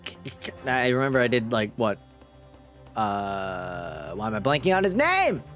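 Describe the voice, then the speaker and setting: A man streaming a game, commenting in an excitable, profane, self-mocking way. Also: mid-range voice, a little slow, soft background music.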